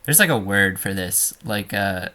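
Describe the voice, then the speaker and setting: A man coaching a student over gameplay in a relaxed, talky way, full of fillers and restarts. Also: fairly low pitch, a little slow.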